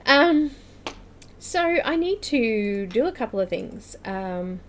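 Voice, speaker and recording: A woman's voice: medium pitch, lively intonation, slow, a little hiss or hum. A woman hosting a live coloring tutorial stream, chatting casually, laughing often and greeting viewers by name. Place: home room with air conditioner running.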